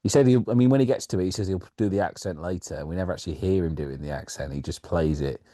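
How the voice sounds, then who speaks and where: A man's voice: sits low, quick pace, dark tone, dry recording, clean studio sound. A man co-hosting a podcast, chatting casually about an old sitcom episode, laughing often and trailing off with fillers. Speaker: podcast co-host.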